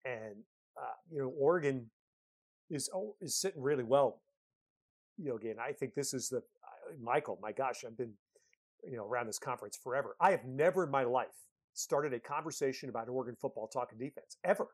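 A man's voice: mid-range voice, brisk, slightly rough. Emphatic man talking college football. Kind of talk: casual sports talk.

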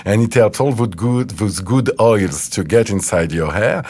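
A man with a fairly low voice and a French accent sits in as a guest hair colorist. He explains his methods patiently in halting English, a first-language French speaker thinking as he talks. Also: lively intonation, a little mellow, slightly rough. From France. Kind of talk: casual interview.

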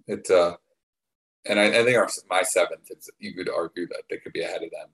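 A man with a low voice talks casually about sports as a co-host. He rambles and halts, often restarting his sentences. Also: fairly even intonation, fairly bright tone, low-quality recording. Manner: rambling, halting, many fillers and restarts. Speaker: podcast co-host.

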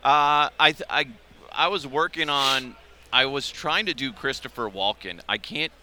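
Male podcast host, very bright tone, loose and profane, casual banter. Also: medium pitch, measured pace. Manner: loose, profane, laughs at his own jokes. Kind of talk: casual chat. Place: convention radio row.

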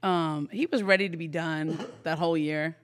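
A woman's voice: low voice, steady tone, moderate pace. A woman on a casual podcast, a basketball reporter guest telling stories. She acts out the quotes and laughs often.

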